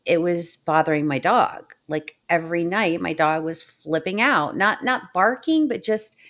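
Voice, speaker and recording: A woman's voice: lowish voice, measured pace, fairly bright tone. A woman hosting a casual chat, talking in a conversational way and often affirming her guest. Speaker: host.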